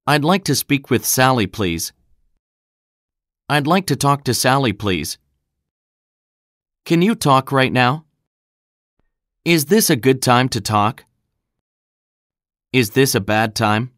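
A man reads practice sentences aloud at an unhurried, measured pace. His voice sits at a middle pitch. The recording is dry and close, made in a studio. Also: fairly bright tone, dry recording. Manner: clear, deliberate delivery of example sentences. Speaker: English phrase reader. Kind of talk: scripted recorded phrase reading.

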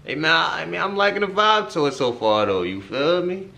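A man's voice: a little high, lively intonation, fairly quick, gravelly, pushed and bright. Slangy man reacting to a song. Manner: slangy, talks straight to viewers, repeats "you feel me"; earnest advice-giving, preachy streak. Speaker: reaction video host. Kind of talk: casual music reaction commentary.

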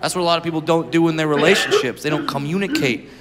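A man doing a live stand-up set, brash and raunchy, shouting his punchlines to the audience. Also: on the high side, racing. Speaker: stand-up comedian. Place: stage in a large venue before a live audience. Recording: reverberant live venue with loud crowd noise.

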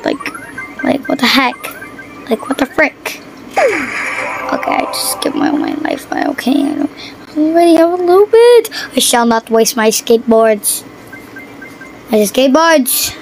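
A woman chatting casually over her gameplay, excitable and quick to gasp and yelp at what happens on screen. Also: sits high, faint music behind, rough recording. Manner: excitable, yelps and gasps at the game. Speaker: mobile game player.

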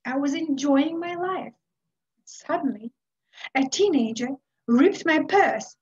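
A middle-aged woman from Uzbekistan telling a story in a speech, with a dramatic, unhurried delivery full of pauses. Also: high-pitched. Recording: dull lo-fi recording.

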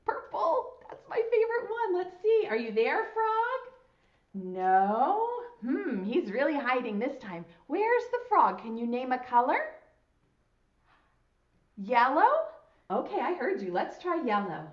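Preschool teacher lady, high voice that swoops all over, slow and sing-songy, echoey and kinda muffled. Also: very animated. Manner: sing-song, slow and exaggerated, with frequent praise. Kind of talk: teaching young children on video. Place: school. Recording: roomy, slightly dull lo-fi sound.

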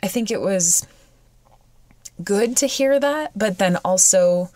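A woman hosting a podcast, telling a personal story in a halting, emotional way with many fillers and restarts, sounding weepy. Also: mid-range voice, lively intonation, darkish tone, dry recording. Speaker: podcast host.

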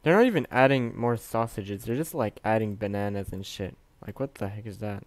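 A young man from Canada chatting casually over his gameplay, swearing often and swinging between mumbled asides and loud outbursts. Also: on the low side, fairly quick, few pauses, no room sound, clean studio sound. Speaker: gaming youtuber.

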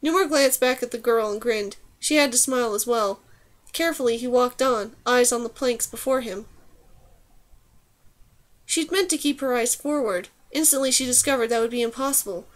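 A woman reading a fantasy novel aloud as audiobook narrator, in an even, measured way. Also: fairly high pitch. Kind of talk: scripted narration.

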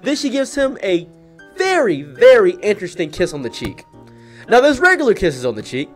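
A young man hosting a comedic storytime, delivering it in a deadpan, mock-dramatic way with wry asides. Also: high voice, a little fast, soft background music. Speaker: storyteller, channel host.

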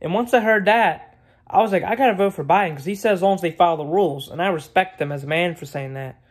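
A man's voice: high-pitched, fast talker. A man vlogging in a casual, rambling rant, blunt and opinionated, repeating himself and swearing freely.

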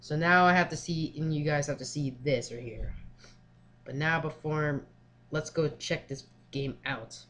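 Excitable young man doing game commentary. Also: fairly high pitch, unhurried. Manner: excitable, swears often, rambling with fillers. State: feeling ill. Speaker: gaming channel host. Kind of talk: casual let's play commentary.

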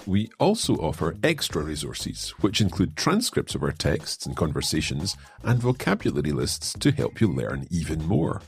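A man co-hosting an English lesson podcast who reads short text passages aloud and explains them in a clear, encouraging way. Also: rumbling low, wildly swooping pitch, moderate pace, few pauses, faint music behind.

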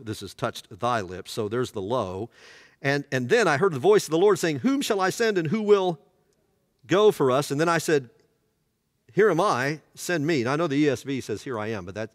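A man's voice: mid-range voice, long reverb tail. A man teaching a church Bible study, asking the room questions as he goes. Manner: animated, asks the room questions. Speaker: pastor.

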